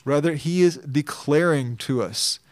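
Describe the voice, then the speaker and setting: A pastor giving an expository sermon, reading scripture and then explaining it earnestly and emphatically. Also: male voice, on the high side, measured pace, a little mellow, dry recording, clean studio sound.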